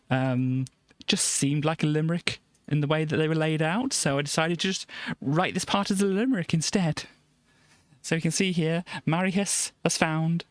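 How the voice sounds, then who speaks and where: A woman's voice: deep voice, no room sound. Rambling, stammering woman streamer. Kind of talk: casual live-stream chat.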